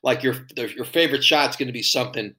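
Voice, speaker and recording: A man's voice: mid-range voice, fast, pushed and bright. A man hosting a casual conversation, friendly, laughing along and asking questions. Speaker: podcast host. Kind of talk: casual chat.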